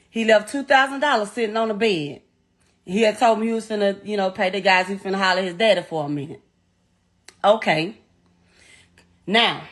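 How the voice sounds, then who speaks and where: Her voice is medium-pitched and fairly bright. In an interview, this middle-aged woman tells her personal story bluntly and emotionally, swearing and going over the same points repeatedly.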